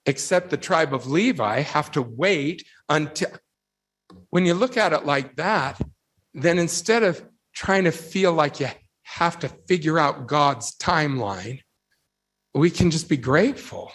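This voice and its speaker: Man, devotional speaker, slightly high voice, animated storytelling, rhetorical questions. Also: unhurried. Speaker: religious speaker addressing youth. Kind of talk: devotional talk with anecdotes.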